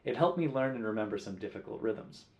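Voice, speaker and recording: A man's voice: mid-range voice, animated, fast talker, a little mellow. Patient male guitar teacher, roomy sound. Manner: clear, patient counting aloud. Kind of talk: music lesson. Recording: roomy echo.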